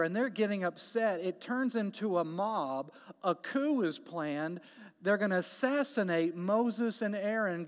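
Guy preaching a sermon, pretty high voice, hammers points with repeated questions, big echoey hall. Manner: emphatic, repetitive preaching with rhetorical questions.

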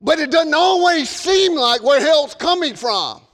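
Southern preacher, high voice, hall reverb. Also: male voice, expressive, a little slow. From American South. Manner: fervent, shouts warnings then drops to folksy storytelling. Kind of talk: sermon.

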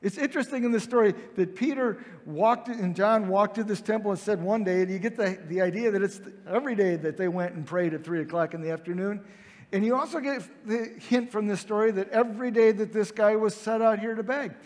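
High-voiced preacher in an echoing hall. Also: male voice, fairly quick, darkish tone. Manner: conversational, acts out the scene with quoted voices. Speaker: pastor. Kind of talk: sermon. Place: large hall with heavy reverb. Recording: reverberant hall sound.

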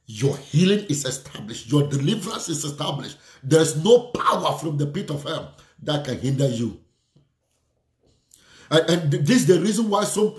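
A man's voice: a little high, echoey room. A man preaching a sermon, fervent and repetitive, speaking declarations and prayer over his listeners.

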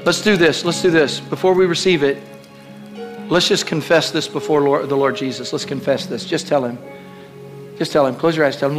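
A man's voice: a little high, steady tone, moderate pace, music in the background. A male pastor preaching a fervent sermon, with repeated calls to the congregation.

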